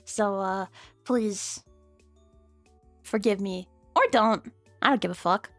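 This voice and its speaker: Chatting with viewers on her stream, a young adult woman rambles, giggles, swears freely, and jumps into squeaky high bits. Her slow-paced voice is a bit bright, in a dry recording with soft background music.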